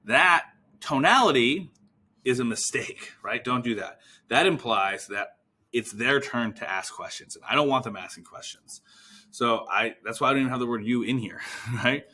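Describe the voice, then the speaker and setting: A man's voice: mid-range voice, normal speed, sharp tone, breathy edge. A man coaching physical therapists on sales calls, energetically acting out both sides of example conversations. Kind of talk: instructional talk with role-played call examples.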